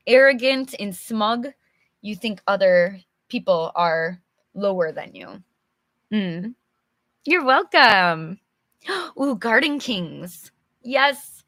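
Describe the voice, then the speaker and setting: Slow, bright-voiced woman teaching English. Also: a little high, no room sound, studio quality. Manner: patient, explains words simply to learners; chatty, answers viewers' comments. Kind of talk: live-streamed storybook reading with chat.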